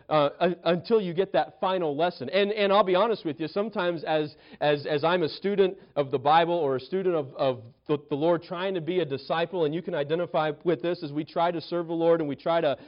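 Man preaching with a slightly high voice. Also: dull audio. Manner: storytelling with many restarts and acted quotes. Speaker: pastor. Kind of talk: sermon.

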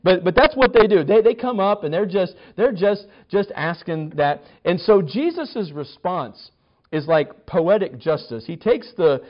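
A man's voice: a little high, expressive, moderate pace. A man teaching a conversational Bible study, chatty, with wry humor and frequent restarts. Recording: slightly dull lo-fi recording.

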